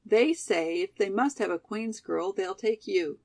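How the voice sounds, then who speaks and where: A woman's voice: mid-range voice, a little slow, creaky, a little mellow, no echo. A woman voicing a frank, practical young college girl in a storybook reading. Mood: matter-of-fact.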